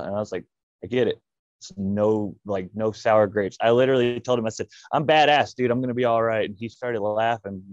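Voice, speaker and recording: Low-voiced young man telling a story. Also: no echo. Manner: animated, acts out quoted voices, laughs often. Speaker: pro wrestler telling his story. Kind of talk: casual storytelling. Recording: dull, slightly lo-fi dry audio.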